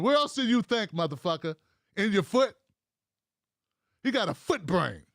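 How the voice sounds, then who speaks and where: High-pitched guy doing livestream commentary, mocking and profane, dry sound. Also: animated, moderate pace, pauses often, fairly bright tone, no echo. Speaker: show host.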